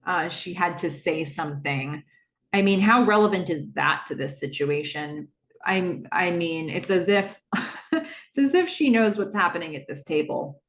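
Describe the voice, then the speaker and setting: A woman's voice: fairly low pitch, animated, moderate pace, a bit bright. A woman hosting a podcast, casually retelling a TV episode scene by scene, with many "like"s and ums. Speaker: podcast host.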